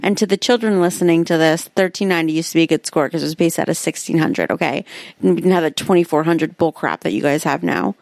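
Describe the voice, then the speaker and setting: A woman's voice: deep voice, fast, creaky, a little mellow, no echo, clean studio sound. A woman co-hosting a casual podcast, telling stories with many fillers. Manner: rambling storyteller, heavy filler "like". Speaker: podcast co-host. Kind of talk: casual chat.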